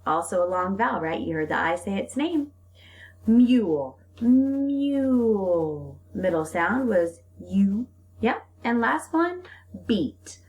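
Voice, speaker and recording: A woman's voice: medium pitch, slight background noise. A young woman teacher leading a phonics lesson for young children, stretching out sounds and giving encouraging praise. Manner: slow, drawn-out sounds with lively, encouraging praise.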